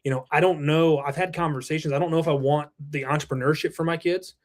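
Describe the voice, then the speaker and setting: Talking fast in a steady, high-leaning voice, this man in his thirties runs a roofing company and is a podcast guest. The interview is casual, and he's earnest and reflective, dropping an occasional curse.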